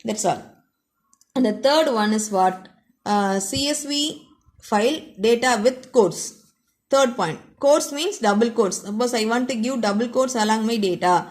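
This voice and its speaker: A woman's voice: on the high side, measured pace. A woman teaching a recorded computer science lesson, explaining step by step and often repeating phrases.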